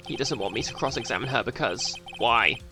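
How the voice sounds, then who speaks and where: A man streaming a video game, reading its dialogue aloud with emphatic, lively energy. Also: mid-range voice, brisk. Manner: lively, reads the defense lines with emphatic energy. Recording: game music behind.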